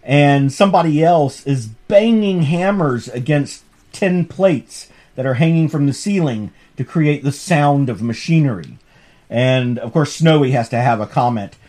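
A man, a professor hosting a comics podcast, talking through a story in an amused, animated way with frequent restarts. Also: medium pitch, a little slow. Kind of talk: casual lecture chat.

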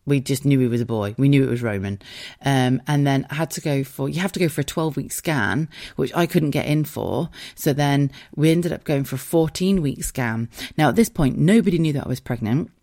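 A woman's voice: very deep voice, a little fast, dark tone. Chatty, candid woman telling a story. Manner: chatty and rambling, with asides and frequent laughter; openly emotional, candid and a little sweary. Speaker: podcast host. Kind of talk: casual storytelling monologue.

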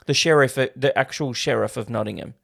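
A man's voice: medium pitch, a little fast, vocal fry, husky. A young Australian man co-hosting a casual movie podcast, telling stories with casual swearing. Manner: animated storyteller, swears casually. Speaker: podcast co-host. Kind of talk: casual movie review chat.

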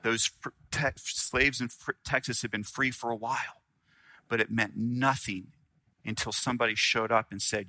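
Male pastor, sermon delivery, bright forceful tone, loud-to-hushed swings. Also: mid-range voice, steady tone, dry recording. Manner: earnest preaching, dramatic pauses, swings from loud to hushed.

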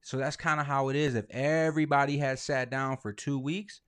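A man's voice: medium pitch, fairly even intonation, brisk, a bit bright, smooth. A man in casual conversation, talking animatedly and swearing freely, reading quotes aloud in put-on voices.

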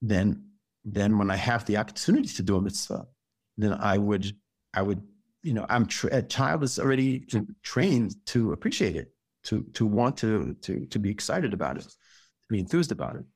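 A rabbi chats about raising children on a podcast. His voice is gravelly and a little husky, and the sound is dry and close. He stumbles and repeats words as he works out each point. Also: on the low side, lively intonation, dry recording. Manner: halting, repeats and restarts words, gentle advice. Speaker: rabbi and parenting guest. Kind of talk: casual podcast conversation.

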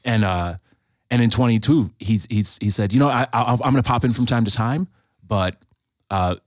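A man hosting a podcast in a studio, chatting casually and haltingly, with frequent restarts. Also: mid-range voice, dry recording. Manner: halting, many restarts and fillers. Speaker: podcast host. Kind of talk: casual chat.

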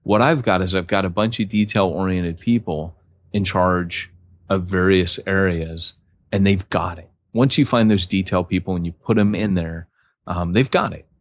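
A man's voice: sits low, moderate pace. A man co-hosting a podcast, chatting in a rambling way with restarts and acted-out quotes. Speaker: podcast co-host. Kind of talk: conversational podcast talk.

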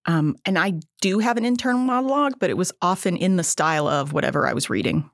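This middle-aged woman co-hosts an educational podcast, keeping the chat casual and often poking fun at herself with a laugh. Her lowish voice is expressive and quick, recorded in a clean studio with no room sound.

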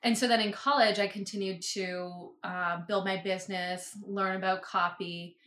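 A woman's voice: medium pitch, steady tone, moderate pace, a bit bright. A woman telling her story in a casual interview, talking in a chatty way with lots of fillers. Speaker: podcast guest, business owner. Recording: roomy echo.

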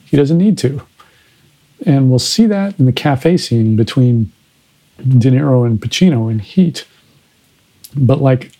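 A man's voice: medium pitch, expressive, measured pace, long pauses, dark tone, rough recording. A man hosting a podcast, analyzing films in a conversational way. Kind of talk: casual film discussion.

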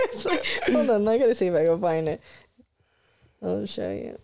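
A middle-aged woman with a lively, up-and-down voice, answering with dry, teasing one-liners in casual chat. The recording carries a clear layer of noise behind her. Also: mid-range voice, normal speed. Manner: short dry replies, teasing. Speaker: podcast co-host. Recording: noisy recording.

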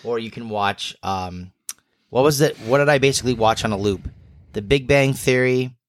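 A man co-hosting a podcast, chatting casually and rambling with many pauses and fillers. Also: medium pitch, dry recording, studio quality. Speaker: podcast co-host. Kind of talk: casual chat.

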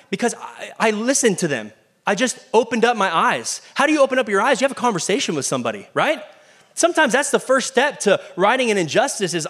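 A man preaching a sermon in a lively, conversational way, often asking the congregation questions. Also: high-pitched. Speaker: pastor.

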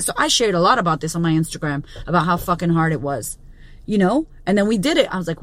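Here the business coach and podcast host, a woman in her thirties, sounds fairly low and talks fast. Her motivational monologue is blunt, full of profanity, and strongly emphatic, captured dry on a studio podcast mic.

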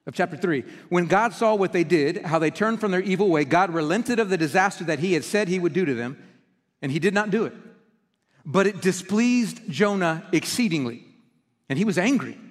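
Male pastor, impassioned sermon, lingering church-hall reverb. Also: high voice. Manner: impassioned preaching, swings from loud emphatic lines to hushed ones. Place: church sanctuary.

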